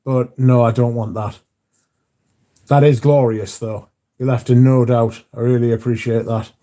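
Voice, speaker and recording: A man's voice: medium pitch, fairly even intonation, a little slow, warm tone. A man hosting a casual livestream, chatting and reading out viewer comments, swearing freely. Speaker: livestream host reading chat. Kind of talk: casual chat.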